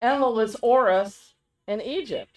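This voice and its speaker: A woman co-hosting a casual podcast chat, rambling and animated, often laughing as she talks. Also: on the high side, a little slow, low-quality recording. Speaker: podcast co-host.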